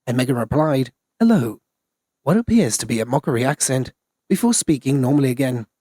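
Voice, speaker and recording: Husky male narrator, dry close sound, steady scripted news read. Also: medium pitch, fast, dry recording.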